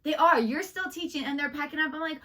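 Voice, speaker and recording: A young woman teacher chatting casually on a reaction video, animated and quick to act out what she says to students. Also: high voice, a little hiss or hum. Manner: animated, laughing, acts out classroom lines. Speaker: middle school teacher and reaction video co-host. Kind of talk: casual chat.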